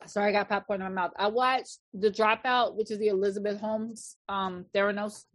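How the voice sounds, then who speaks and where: A woman's voice: mid-range voice, fairly even intonation, a little fast, fairly bright tone. A woman in a casual chat, talking in a blunt, chatty way.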